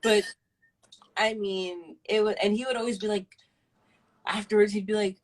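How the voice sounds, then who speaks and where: A woman's voice: mid-range voice, steady tone, moderate pace, poor audio. A woman in her twenties on a live stream, telling a personal story in a casual, rambling way, full of fillers and swearing. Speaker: livestream guest.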